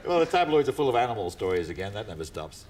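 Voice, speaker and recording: A man's voice: on the low side, sing-song, racing, very noisy. A man from Australia hosting a chat show, dry in manner, prompting his guest with short questions. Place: TV studio with audience. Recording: loud audience laughter in a studio.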